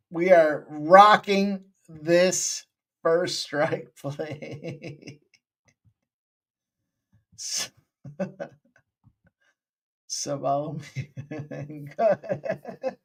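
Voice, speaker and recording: Guy with a high voice hosting a betting stream, slow drawl, loud jokey trash talk. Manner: loud, joking, profane banter. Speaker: betting show host. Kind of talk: casual live-stream chat.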